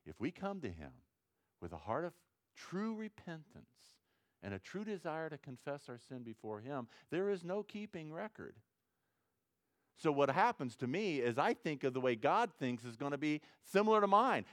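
A man preaching a sermon as pastor, acting out prayers and little dialogues, swinging from loud to hushed. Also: a little high, very animated, normal speed, no echo, clean studio sound. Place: church sanctuary with congregation.

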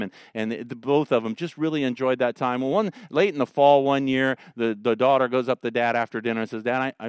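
A man preaching a sermon as a pastor, folksy and animated, with joking asides. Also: medium pitch, clear, resonant tone, no echo, studio quality.

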